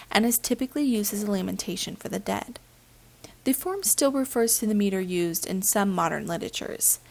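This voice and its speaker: A woman reads a prepared literature lesson aloud in a steady, careful way. Her voice sits at a middle pitch and has a gravelly edge of fry. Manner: even, careful reading of a prepared script.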